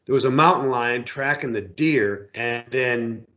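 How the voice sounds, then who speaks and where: A middle-aged American man, an outfitter and hunting guide, telling stories in a casual interview, animated and repeating words as he acts out voices. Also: mid-range voice, a little slow, muffled recording.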